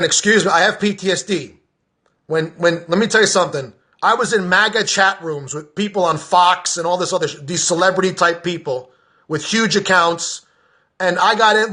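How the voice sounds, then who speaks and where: High, bright-voiced ranting man. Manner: profane, emphatic, repeats himself. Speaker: political vlogger. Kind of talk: impassioned ranting monologue.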